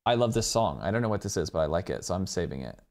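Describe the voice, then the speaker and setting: A man chatting casually with viewers on a live stream from home, rambling and excitedly thanking people. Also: sits low, rapid-fire.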